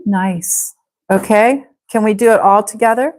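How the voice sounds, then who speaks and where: Slow, clear-speaking woman teacher. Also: mid-range voice, darkish tone, poor audio. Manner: slow, clear model phrases for repeating. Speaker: English teacher. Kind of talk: live English class drills.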